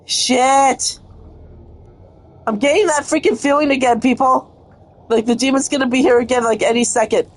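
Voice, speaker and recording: A woman's voice: sits high, steady tone, moderate pace, pauses often. A young woman giving live gameplay commentary, frustrated and cursing at the game as she plays. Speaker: gaming streamer.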